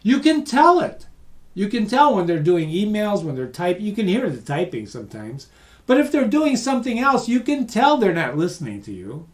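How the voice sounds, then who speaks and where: A man presenting a webinar as a lively, emphatic storyteller who speaks straight to his audience. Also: high-pitched, normal speed, reverberant. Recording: voice distant from the mic.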